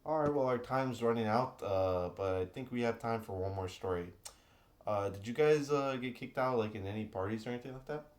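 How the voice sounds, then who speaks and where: A man's voice: mid-range voice, fairly quick. A man hosting a podcast, asking casual questions full of fillers. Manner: chatty, filler-heavy questions. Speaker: podcast host. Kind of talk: casual interview.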